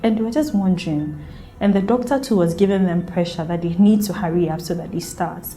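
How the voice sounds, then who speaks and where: A woman's voice: on the low side, a little fast, mellow. A young woman from Ghana telling her own birth story in an earnest, emotional way and acting out the people she quotes. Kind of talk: personal storytelling.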